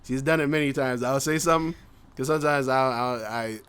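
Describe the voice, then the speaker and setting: A man's voice: medium pitch, fairly quick, fairly bright tone, smooth. Rambling man in casual podcast chat. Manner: rambling, filler-heavy, laughing often. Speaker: podcast co-host.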